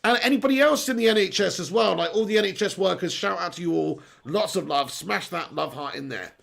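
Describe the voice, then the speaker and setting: Speaking fairly quickly, this man has a high, animated voice that is creaky and fairly bright. Nursing a sore throat, he reads viewer messages on his live football watch-along stream, bantering and laughing a lot.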